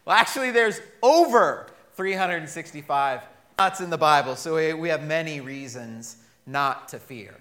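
A man in his thirties preaching a sermon, telling stories with humor and lively energy. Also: on the high side, normal speed. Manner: animated storytelling with humor. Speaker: pastor.

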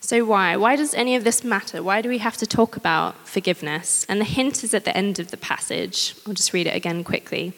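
A woman preaching a sermon, candid and personal, with gentle humor. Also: medium pitch, a little fast, few pauses. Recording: long hall reverb.

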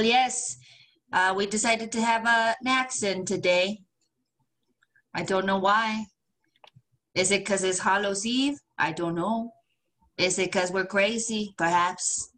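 Woman doing a slow-spoken, genteel 1950s lady for a podcast chat; ladylike and old-fashioned. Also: medium pitch, fairly even intonation, fairly bright tone. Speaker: podcast co-host. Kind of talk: casual chat in a put-on voice.

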